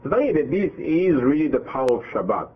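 A man giving a religious lesson, halting and repeating words as he acts out dialogue. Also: a little high, very animated. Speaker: rabbi teaching a class. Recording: husky voice over a phone-like line.

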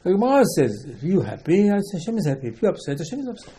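A man's voice: high-pitched, big pitch swings, fast, warm tone, slight background noise, poor audio. Man giving a rambling religious talk. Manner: rambling, repeats words, asks and answers himself; non-native English grammar. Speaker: religious teacher. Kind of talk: informal religious lecture.

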